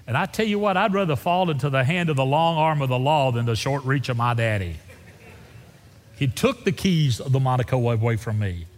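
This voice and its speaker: A middle-aged pastor preaching a sermon, moving from folksy storytelling to fervent exhortation. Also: male voice, mid-range voice, lively intonation, fairly quick. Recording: reverberant church hall.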